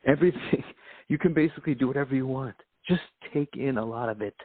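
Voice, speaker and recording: A man's voice: medium pitch, a little fast, no echo. A man hosting a podcast in a rambling, profane monologue that comes off as preachy, laughing often as he talks. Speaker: podcast host. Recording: phone-like lo-fi sound, dry.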